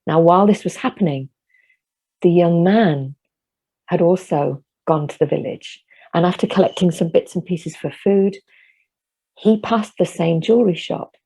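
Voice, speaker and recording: A woman telling a folk tale at an online concert over a video call, gentle, measured and vivid. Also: fairly low pitch, husky. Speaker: folk storyteller.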